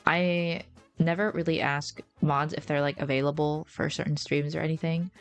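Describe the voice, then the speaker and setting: A woman's voice: low-pitched, little pitch movement, moderate pace, soft background music. A young woman streamer chatting casually to her viewers in a playful, rambling way.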